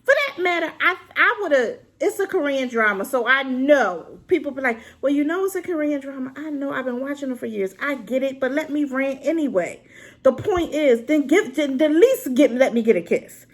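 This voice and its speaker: A woman's voice: sits high, expressive, moderate pace. A woman reviewing a drama to camera in an unscripted, rambling rant, exclaiming and talking straight to her viewers. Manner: unscripted and unedited.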